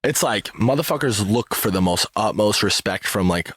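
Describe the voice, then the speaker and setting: A man talking on a podcast in a laid-back way, full of profane slang. His voice is low and the sound is dry and close, and he sometimes trails off into a mutter. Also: expressive, normal speed, a bit bright, breathy edge, no room sound. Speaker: podcast co-host. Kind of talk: casual podcast chat.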